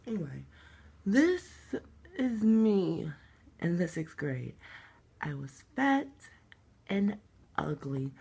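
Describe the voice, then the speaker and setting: Young man, confessional vlog, emotional and rambling, gravelly tone. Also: high voice, animated, slow, long pauses, a little mellow. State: crying. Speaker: vlogger.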